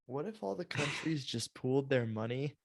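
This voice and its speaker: A man's voice: medium pitch, lively intonation, normal speed, vocal fry, no echo. A man co-hosting a casual podcast chat, easygoing and laughing along. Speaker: podcast co-host.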